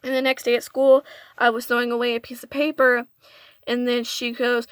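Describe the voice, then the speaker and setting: A woman's voice: a little high, level tone, a little fast, clear, resonant tone, dry recording. A young woman telling a personal storytime in an earnest, confessional way. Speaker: vlogger. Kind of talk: storytime vlog.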